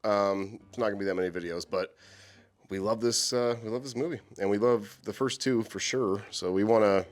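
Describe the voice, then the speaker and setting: A man co-hosting a casual chat about horror movies, animated and swearing freely. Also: on the low side, a little fast. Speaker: co-host.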